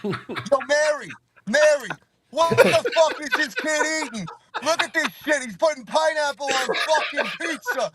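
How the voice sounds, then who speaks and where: A loud, profane older Italian-American uncle bellows in disgust, his voice pushed up high and hard, as a man puts him on. He rants nonstop, cursing at everything he sees. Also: lively intonation, a little slow, a loud crowd. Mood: outraged. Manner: yelling, outraged, profane.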